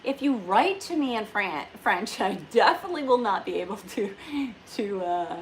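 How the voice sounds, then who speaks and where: A woman from the Northeast US hosts a relaxed live stream and answers viewers' questions as they come in. She talks in a chatty way, full of fillers and restarts. Her voice sits at a middle pitch, and there is faint ambient noise behind her. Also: moderate pace. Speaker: livestreamer. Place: indoors on a farm, rainy day.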